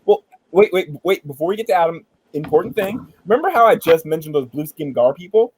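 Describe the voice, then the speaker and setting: A man hosting a casual entertainment chat, retelling a backstory in an animated, joking way and swearing casually. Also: on the high side, a little fast, rough recording. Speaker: podcast host.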